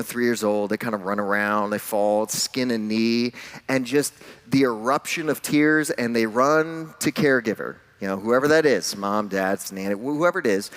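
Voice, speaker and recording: A man, a pastor, preaching a sermon in a relaxed, conversational way, telling a personal story with light self-deprecating humor. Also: medium pitch.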